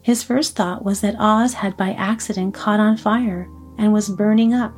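A woman reads a classic storybook aloud in a calm, even way. Her voice is mellow and warm rather than bright. Faint music runs quietly underneath. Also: medium pitch, normal speed. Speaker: audiobook narrator. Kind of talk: storybook reading.

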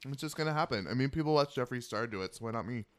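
A man hosting a casual podcast chat, campy and animated, telling stories with lots of laughter while eating. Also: medium pitch, racing. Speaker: podcast host. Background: eating while talking.

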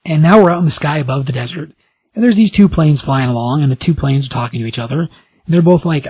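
A man hosting a podcast, casually recapping a comic book story in an animated way, briefly acting out the characters' lines. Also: on the high side, brisk, breathy edge, dry recording, highs cut off. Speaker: podcast host.

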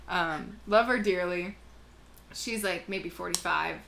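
A woman's voice: on the low side, slow pace, creaky, a little hiss or hum. A young woman co-hosting a podcast, telling stories in casual, profane chat and acting out the people she quotes. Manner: storytelling, profane, animated quoting. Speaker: podcast co-host.

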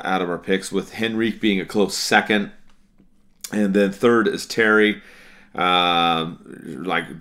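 A man's voice: low-pitched, a bit bright. A man hosting a sports podcast, talking casually with frequent fillers and restarts. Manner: conversational, many fillers and restarts. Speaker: podcast host.

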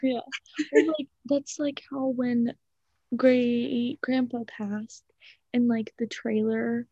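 A woman's voice: fairly high pitch, flat delivery, slow, dark tone, no room sound, muffled recording. A woman co-hosting a podcast in a casual chat, telling a family story in a laid-back way that trails off. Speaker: podcast co-host.

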